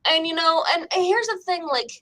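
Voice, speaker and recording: A woman's voice: extremely high pitch, a little fast, pushed and bright, poor audio. A woman with a cough co-hosting a casual chat, rambling with lots of "like" and "you know". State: sick with a cough. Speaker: psychic co-host.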